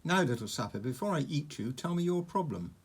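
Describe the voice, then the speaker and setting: A man's voice: on the high side, very animated, a little fast, husky. A man voicing a huge, cheerful and menacing male dragon who talks in a pompous, condescending way.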